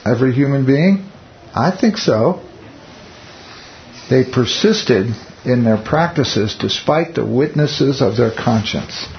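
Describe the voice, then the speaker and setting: A man's voice: mid-range voice, lively intonation, slow. Man teaching a Bible study, wry. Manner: rhetorical questions and wry asides. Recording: muffled lo-fi recording with faint hiss.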